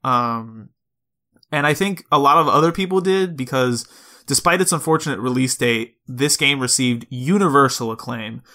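Bright-voiced chatty man on a podcast. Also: mid-range voice, normal speed. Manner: chatty, laughs easily, lots of fillers. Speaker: podcast co-host. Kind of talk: casual chat.

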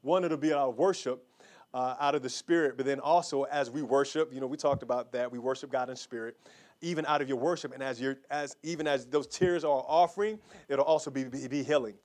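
A man preaching, praying fervently over his listeners and appealing for an offering, with many repeats and quick restarts. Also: medium pitch, darkish tone. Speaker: pastor.

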